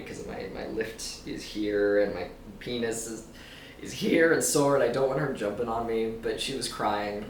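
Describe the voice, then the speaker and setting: A man's voice: fairly low pitch, gravelly, far from the mic, slight background noise. A man vlogging in casual chat, rambling loosely, swearing and laughing often. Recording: roomy echo, a bit off-mic, faint ambience.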